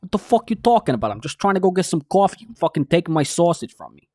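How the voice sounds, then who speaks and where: A man putting on a gruff, cursing New Yorker who is annoyed on his way to get coffee. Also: high voice, sing-song, fast, no room sound, clean studio sound, voice pushed up. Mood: irritated. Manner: loud and gruff.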